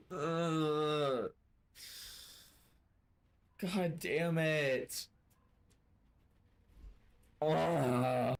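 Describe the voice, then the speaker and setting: A man's voice: medium pitch, moderate pace. Profane mock-furious male game streamer. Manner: profane, mock-angry, ranting at chat. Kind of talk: casual live-stream chat.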